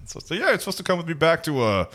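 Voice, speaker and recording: A man's voice: a little high, very animated, very fast, fairly bright tone, slight background noise, pitched above the performer's own voice. A man voicing a nervous male military officer in a tabletop game, putting on an accent and stumbling over his words. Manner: hesitant, stumbling.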